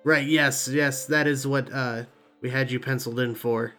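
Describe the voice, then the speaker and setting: A man voicing a weary, fussy male hobgoblin shop assistant with a scratchy voice and a brisk, clerkish manner. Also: mid-range voice, fairly even intonation, bright, forceful tone, soft background music, natural voice. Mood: businesslike. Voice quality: scratchy, English-sounding.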